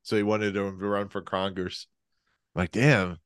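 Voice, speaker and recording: A podcast co-host with a deep, smooth voice talks casually at a moderate pace, with little movement in pitch. He rambles and restarts his sentences, and the recording is dry with clean studio sound.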